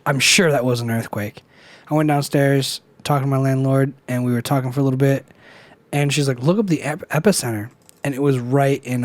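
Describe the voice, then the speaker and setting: A man's voice: medium pitch, dry recording. A young man co-hosting a casual podcast, telling a rambling story, swearing freely and acting out the people he quotes. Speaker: podcast co-host. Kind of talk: casual chat.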